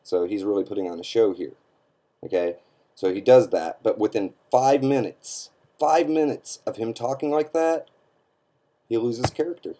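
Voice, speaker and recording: A man's voice: lowish voice, normal speed, mellow. A man giving an emphatic, scornful opinion rant to camera, often checking in with his listeners by asking "okay?". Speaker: online commentator.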